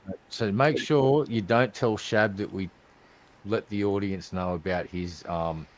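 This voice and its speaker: A man's voice: fairly low pitch, unhurried, poor audio. A man, co-hosting a casual podcast with teasing, mock-shocked banter. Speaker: podcast co-host.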